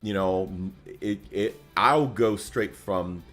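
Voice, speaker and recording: A man with a fairly low voice talks in a loose, rambling way, stumbling over restarts and fillers as he chats on a livestream. Faint music plays underneath. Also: takes it slowly, fairly bright tone. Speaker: co-host. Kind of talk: casual livestream chat.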